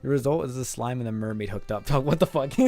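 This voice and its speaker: A man's voice: mid-range voice, fast talker, warm tone, no room sound. A man streaming live, chatting casually with his chat and translating manga. He laughs often, swears, and calls people "dog" and "man.".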